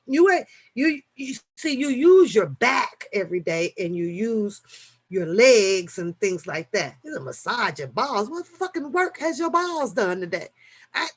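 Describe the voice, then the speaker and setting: A woman's voice: medium pitch, slightly rough. A woman hosting a casual late-night live chat, answering viewers loosely, swearing freely and restarting her sentences often. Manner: animated, swearing, frequent fillers and restarts.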